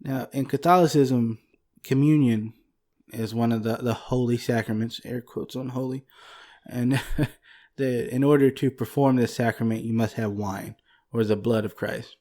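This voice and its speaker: A man's voice: medium pitch, fairly even intonation, unhurried, dark tone. A man co-hosting a casual podcast, telling history in an easygoing way and laughing often, at a desk microphone. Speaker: podcast co-host.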